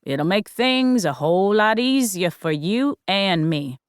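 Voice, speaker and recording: A woman narrator voicing a gruff, suspicious male small-town sheriff who talks bluntly in a folksy drawl. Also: mid-range voice, animated, slow pace, dry recording, studio quality.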